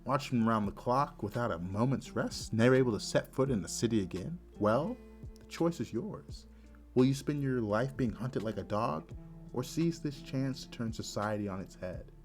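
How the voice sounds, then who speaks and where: A man's voice: mid-range voice, lively intonation, moderate pace, soft background music, lightly acted. A man voicing a scheming, arrogant male mage villain who speaks in a smug, threatening, bargaining way.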